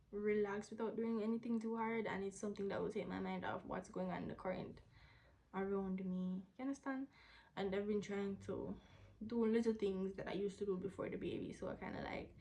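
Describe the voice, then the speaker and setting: A young woman, answering viewer questions in a candid, casual vlog, sometimes dropping into a soft whisper. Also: mid-range voice, low-quality recording. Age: young adult. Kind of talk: casual Q&A to camera.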